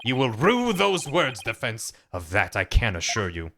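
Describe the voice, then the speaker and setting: A man voicing a cold, scornful young male prosecutor from a courtroom game, speaking slowly and with disdain, lower than his own voice. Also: wildly swooping pitch, pushed and bright, full character voice. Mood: menacing.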